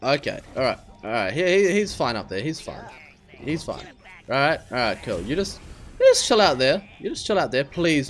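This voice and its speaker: A man hosting a let's play, talking to himself and his viewers, puzzled and exasperated, with high squeals when surprised. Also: sing-song, moderate pace. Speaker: gaming channel host.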